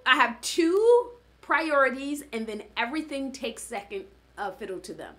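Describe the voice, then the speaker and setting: A woman's voice: high-pitched, lively intonation, moderate pace, fairly bright tone. Upbeat woman coaching on habits. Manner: conversational, often adds "right?" and laughs. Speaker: fitness coach and former studio owner. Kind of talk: motivational talk.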